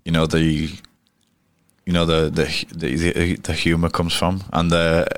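A man's voice: low voice, completely flat delivery, slow, no room sound, studio quality. A man in his thirties, a cricketer guest telling anecdotes in a rambling, casual way full of restarts. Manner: rambling, frequent restarts and fillers. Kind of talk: casual storytelling interview.

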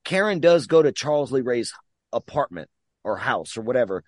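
Man, podcast host, casual movie recap, excitable, swears a lot, dry close sound. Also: mid-range voice, moderate pace, dry recording. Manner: excitable, profane, joking.

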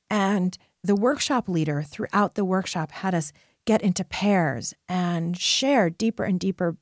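A woman's voice: mid-range voice, no echo, studio quality. A woman podcast host and life coach telling a personal story in an earnest, emphatic way, often checking in with "right?".

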